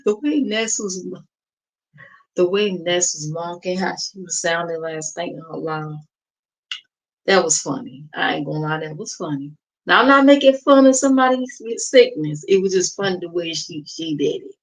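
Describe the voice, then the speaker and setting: A woman's voice: on the low side, moderate pace, rough recording. A woman hosting a casual reaction livestream, gossiping and mocking in a sassy, drawling way. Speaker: livestream host. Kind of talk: casual reaction stream chat.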